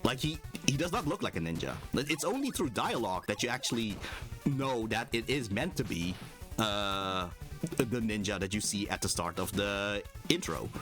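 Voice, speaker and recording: A man's voice: lowish voice, animated, moderate pace, fairly bright tone. A male game streamer giving casual, rambling commentary over his playthrough and laughing often. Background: game music.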